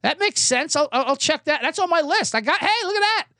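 A man's voice: very high voice, lively intonation, a little fast, sharp tone, no room sound, clean studio sound, pitched above the performer's own voice, full character voice. A man putting on a chipper urgent-care doctor.

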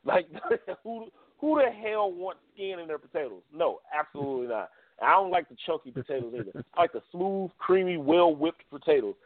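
A man's voice: fairly high pitch, animated, fairly quick, hardly any pauses, no room sound. Laughing man on a tinny line. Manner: laughs often, blunt and playful. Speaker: podcast co-host. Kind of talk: casual podcast chat. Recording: dry, phone-like sound.

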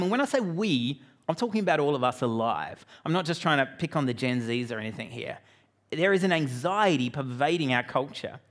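An Australian man giving a sermon as a pastor, telling a family story with joking asides to the congregation. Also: a little high. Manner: lively, joking asides to the audience.

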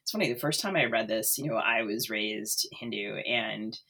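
A woman co-hosting a casual book discussion, speaking thoughtfully with frequent pauses and fillers. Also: rumbling low, pushed and bright, slightly rough. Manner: thoughtful, hesitant, many fillers.

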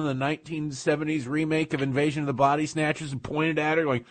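A man co-hosting a talk radio show, delivering sarcastic, deadpan jokes and heated rants. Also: on the high side, fast, few pauses. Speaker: radio co-host. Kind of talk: casual talk radio banter.

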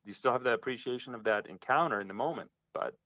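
A man's voice: medium pitch, quick pace, sharp tone, no echo. A man talking as a guest in an interview, earnest and reflective, often restarting his sentences, over a phone line. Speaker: hunting guest. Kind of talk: casual interview talk. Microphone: phone call.

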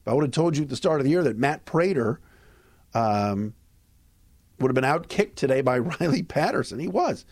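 A man hosting a sports podcast, giving a casual postgame recap in a lively, conversational way with fillers and restarts. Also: medium pitch, normal speed, dry recording, studio quality. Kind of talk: casual postgame recap and host-read ads.

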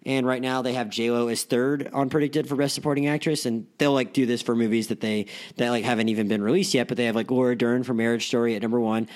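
A man's voice: mid-range voice, fairly even intonation, fast talker, few pauses, darkish tone. A young man talks through movie awards chatter in a loose, rambling way. He piles on fillers and restarts his sentences as he goes. His voice sits in an ordinary middle range. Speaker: podcast host. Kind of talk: casual film podcast chat.

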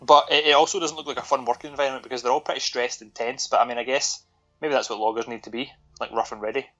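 A man's voice: medium pitch, fairly even intonation, fast, a bit bright, muffled recording, soft background music. Sweary sardonic Scottish man. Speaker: podcast co-host. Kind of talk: casual film-review chat.

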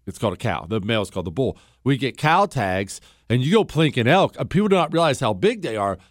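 A man's voice: medium pitch, no room sound, studio quality. A man hosting a call-in talk radio show, talking in a conversational, emphatic and opinionated way.

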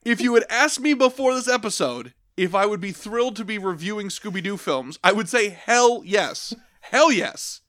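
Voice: medium pitch, animated, fairly quick, hardly any pauses, a bit bright. A podcast co-host giving a casual, comedic film review, ranting in an exasperated, profane way.

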